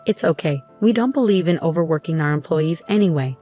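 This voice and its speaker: A woman voicing a calm, frank male business acquaintance in a narrated story. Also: sits low, a little fast, faint music behind. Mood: cheerful. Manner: serious, then reassuring.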